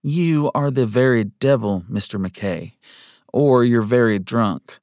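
A man voicing a feisty, sharp-tongued young woman schoolteacher in an audiobook. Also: medium pitch, slow, no echo, clean studio sound, close to an everyday voice. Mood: tart. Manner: clipped, scolding.

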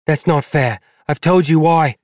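A man's voice: fairly high pitch, unhurried, darkish tone, dry recording, clean studio sound, pitched above the performer's own voice, natural voice. A man voicing a hot-tempered petite young woman who spits her words through gritted teeth. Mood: defensive.

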